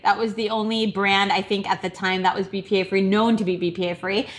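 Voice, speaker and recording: A woman in her thirties from Minnesota, speaking to an audience about how she started her business. She is candid and conversational, often joking at her own expense, with frequent fillers and restarts. Her voice sits at an ordinary middle pitch. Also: a bit bright. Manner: conversational, candid, self-deprecating humor with many fillers. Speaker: entrepreneur speaker. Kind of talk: personal story talk. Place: live virtual speaker broadcast.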